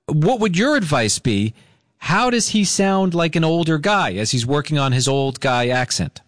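A man's voice: fairly high pitch, sing-song, moderate pace, no echo, clean studio sound. A man hosting a radio call-in show, upbeat and playful with the caller.

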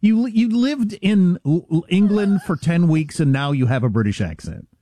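A man co-hosting a radio talk show, telling wry, animated stories in casual banter on a studio mic. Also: sits high, moderate pace, no room sound. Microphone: studio microphone.

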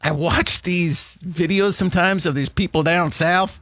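A man's voice: sits high, fairly even intonation, unhurried, a bit bright, no room sound. A man hosting a radio show, chatting casually in a jokey, rambling way. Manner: jokey, rambling, acts out quotes. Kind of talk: casual morning show chat.

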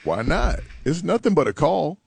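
A man's voice: fairly high pitch, sing-song, moderate pace, vocal fry, darkish tone, breathy edge. A man co-hosting a radio show, needling his partner and laughing often. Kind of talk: bantering radio talk.

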